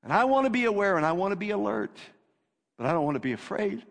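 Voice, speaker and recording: A male pastor preaching a sermon, emphatic and repetitive, swinging between loud declarations and hushed lines. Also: sits high, big pitch swings, fast talker, gravelly. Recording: long reverb of a hall.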